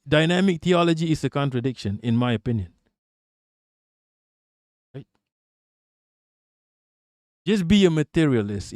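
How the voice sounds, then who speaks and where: A blunt, profane man rants casually on a livestream, emphatic and repetitive, restarting often and throwing out rhetorical questions. His medium-pitched voice is a little mellow, recorded in studio quality with no room sound.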